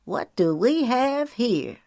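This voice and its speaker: A woman voicing a sly, menacing male thief in an audiobook, speaking slowly with a sneer. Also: fairly high pitch, sing-song, warm tone, dry recording, studio quality, voice pushed up, exaggerated voice. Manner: slow, sneering delivery.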